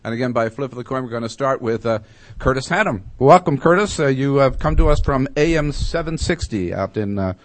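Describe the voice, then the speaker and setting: A man hosting a talk radio contest, halting with lots of uh fillers. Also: medium pitch, expressive, no room sound. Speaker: radio host.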